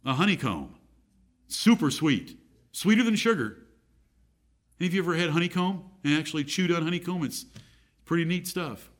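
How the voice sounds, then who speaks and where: Middle-aged male pastor, emphatic sermon delivery, somewhat high voice with lively swings in pitch. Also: normal speed, pauses often. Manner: emphatic, repeats key phrases, reads scripture aloud. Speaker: preacher.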